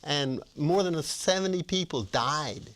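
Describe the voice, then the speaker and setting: A man's voice: fairly high pitch, expressive, a little slow, a bit bright. An older man, a retired professor, talking about his book as a guest in an interview, with frequent restarts and fillers. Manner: hesitant, many restarts and fillers. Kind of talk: casual interview talk.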